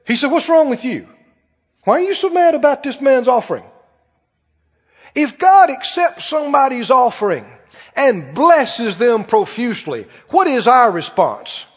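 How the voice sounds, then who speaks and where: A man preaching a sermon, animated and full of rhetorical questions to the congregation. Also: extremely high pitch, measured pace, husky. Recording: muffled sound with long hall reverb.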